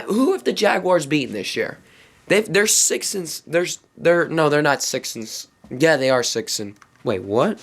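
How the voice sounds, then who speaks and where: A man hosting his own sports talk show, giving an emphatic, exasperated fan's rant and thinking aloud. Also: on the high side. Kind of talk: ranting fan commentary.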